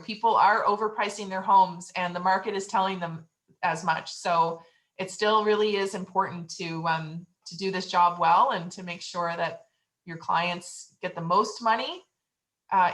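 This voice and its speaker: A woman's voice: mid-range voice, a bit bright, poor audio. A woman leading a real estate training session on a video call, giving encouraging, conversational advice.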